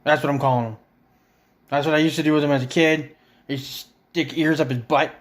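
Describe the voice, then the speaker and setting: A man's voice: a little high, fairly even intonation, a little fast. Foul-mouthed man ranting. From Canada. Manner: swearing, exasperated, sarcastic. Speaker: vlogger. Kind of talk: profane comedic rant. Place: a friend's house, indoors.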